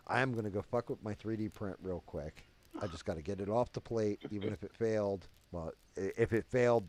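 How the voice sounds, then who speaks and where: A man's voice: on the low side, a little mellow. A man hosting his own game stream, chatting loosely and cursing as he rambles. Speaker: streamer host. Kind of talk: casual stream chat.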